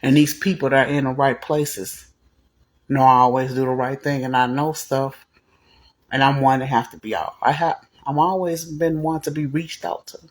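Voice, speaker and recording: A vlogger casually tells a personal story to camera, animated and blunt, cussing freely and slipping into the voices of the people she quotes. Her voice is extremely low-pitched, at a moderate pace.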